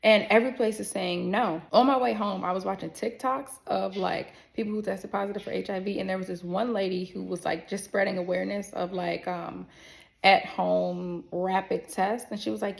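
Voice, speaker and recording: A young woman narrates a personal story in a loose, chatty vlog voice with a strong gravelly fry. She talks with lively, animated delivery, swears casually and slips into other people's voices. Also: mid-range voice, moderate pace.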